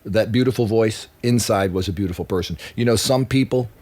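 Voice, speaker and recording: Low-voiced male musician guest, casual and profane, animated storyteller. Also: fairly quick. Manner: animated, swears freely, acts out quotes.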